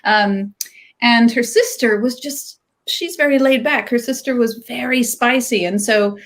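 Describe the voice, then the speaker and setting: A woman's voice: fairly high pitch, a little slow. A woman author chatting on a video call, laughing often and talking with many fillers and restarts. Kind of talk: casual conversation on a livestream.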